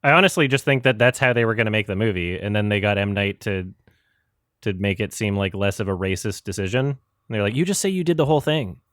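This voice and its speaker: Talking fast in a lowish, slightly bright voice, a podcast co-host rambles through a story during casual chat, laughing a lot and starting sentences over. The sound is studio quality, with no room sound.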